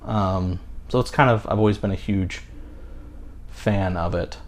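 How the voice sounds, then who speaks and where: A man's voice: sits low, measured pace. A man in his thirties co-hosting a podcast in casual chat, rambling with many fillers and restarts. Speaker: podcast co-host.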